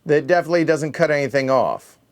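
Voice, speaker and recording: A man's voice: fairly high pitch, fast talker. A middle-aged man playing a solo board game, counting aloud under his breath and correcting himself as he thinks. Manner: muttering, self-correcting. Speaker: board game show host.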